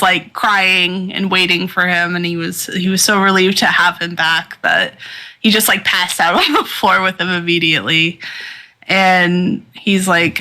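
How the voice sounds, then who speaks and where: A woman's voice: on the low side, sharp tone, low-quality recording. A woman co-hosting a podcast, casually recapping a manga with lots of fillers and laughter. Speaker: podcast co-host.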